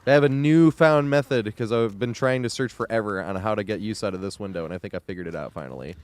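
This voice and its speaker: A man's voice: lowish voice, quick pace, smooth, no echo. Laid-back swearing male game streamer. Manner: loose, laughing, swears freely. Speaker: gaming streamer. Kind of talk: casual live-stream chat.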